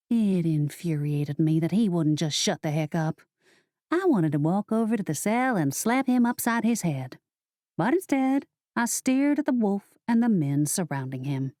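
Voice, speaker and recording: A woman narrating a first-person audiobook in a steady, measured storytelling manner. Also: lowish voice, no echo, studio quality.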